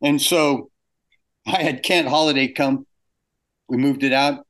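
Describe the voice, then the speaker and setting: An older man telling anecdotes in a casual interview, acting out quoted exchanges with animated shifts in pitch. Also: measured pace. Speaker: guest animator.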